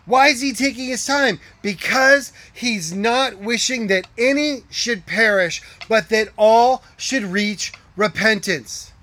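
A man preaching a sermon as pastor, earnest, asking rhetorical questions and dropping to hushed tones. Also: sits high, takes it slowly, few pauses.

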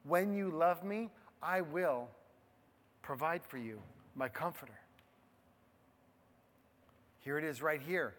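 Man, preacher, sermon, high voice, hushed asides and emphatic stresses, long hall echo. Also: slow, pauses often. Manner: conversational, addresses the men in the room.

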